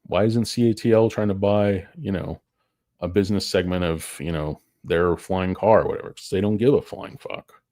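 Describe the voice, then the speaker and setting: A man's voice: sits low, normal speed, warm tone, no room sound, studio quality. A tired man hosting a stock market show, rambling through casual, profane, joking commentary that wanders off topic.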